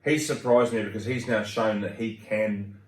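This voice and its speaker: A man's voice: lowish voice, steady tone, moderate pace, distant mic. A man chatting casually about football as a podcast guest, rambling with lots of fillers. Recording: roomy sound from off-mic.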